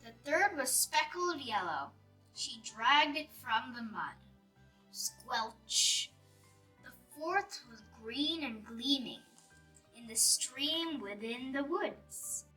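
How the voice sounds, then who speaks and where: A woman reading a rhyming children's storybook aloud in a slow, expressive, sing-song way. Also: sits high. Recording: voice a bit distant, faint music behind.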